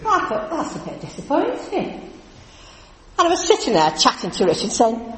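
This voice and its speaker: A woman preaching in a chatty, animated storytelling way in a church. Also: on the high side, moderate pace. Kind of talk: lively church talk. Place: church hall. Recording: echoey church hall from a distance.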